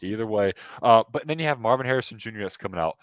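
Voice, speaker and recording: A man co-hosting a sports podcast, talking casually and getting animated with quick asides. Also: fairly low pitch, dull audio, slight background noise. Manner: animated, excitable, jumps in with asides. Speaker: podcast co-host.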